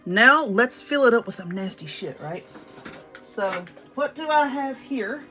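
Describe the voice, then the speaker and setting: A woman's voice: a little high, expressive, a little slow, pushed and bright, faint music behind. A woman with a Southern US accent giving a casual, blunt and profane spell tutorial at home, talking straight to her viewers. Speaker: witchcraft video host. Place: home room.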